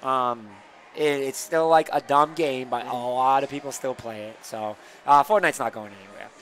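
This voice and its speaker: A man's voice: medium pitch, normal speed, fairly bright tone, a little hiss or hum. A man from Massachusetts co-hosting a gaming live stream, chatting casually and giving opinions with lots of fillers.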